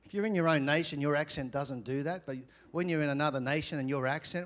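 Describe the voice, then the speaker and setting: Australian male pastor, somewhat high voice, animated sermon with jokes and asides to the congregation. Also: fast.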